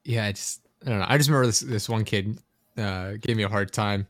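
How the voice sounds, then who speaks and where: A man's voice: on the low side, fairly quick, a bit bright, no room sound, studio quality. A young man in casual chat, laid-back and swearing freely as he tells stories and acts out quotes.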